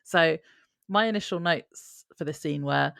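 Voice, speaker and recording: Low, gravelly-voiced woman co-host. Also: measured pace, a bit bright, dry recording, clean studio sound. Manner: chatty and reflective, laughs often. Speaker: podcast co-host. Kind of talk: casual chat.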